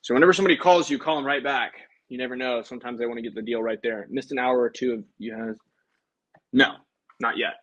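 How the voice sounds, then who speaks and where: A man's voice: mid-range voice, fairly even intonation, quick pace, a bit bright, muffled recording. A man, a life insurance agent, chatting casually to livestream viewers between sales calls in a breezy, upbeat way.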